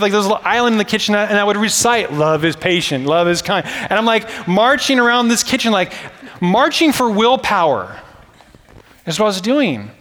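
A man's voice: sits high, a bit bright. A man in his thirties preaching a casual, joking sermon as pastor, full of fillers like "like" and "right?". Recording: hall reverb.

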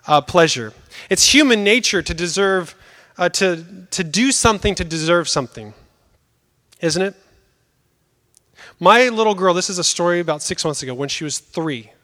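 High-voiced man preaching a sermon. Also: fairly bright tone. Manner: conversational, emphatic preaching with dramatic pauses.

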